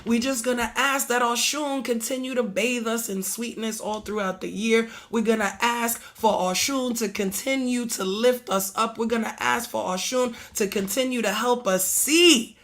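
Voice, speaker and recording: A slightly hoarse woman from Harlem with a fairly high voice, preaching in rhythmic call-and-response. She repeats her lines in waves, drops into chanted prayer and breaks into song, and her stays loose and lively. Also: moderate pace, hardly any pauses. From Harlem, New York. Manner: rhythmic, repetitive exhortations, chants and sings prayers. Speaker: priestess leading prayer.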